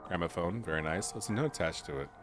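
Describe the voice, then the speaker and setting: A man's voice: sits low, fast talker, music in the background. A man casually commenting while streaming a video game, joking and laughing often. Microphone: desk mic with webcam.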